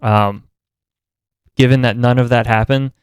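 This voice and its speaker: A man co-hosting a wrestling podcast in relaxed, rambling casual chat. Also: mid-range voice, unhurried, clean tone, no echo, studio quality. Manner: relaxed, rambling, laughs at his co-host. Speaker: podcast co-host.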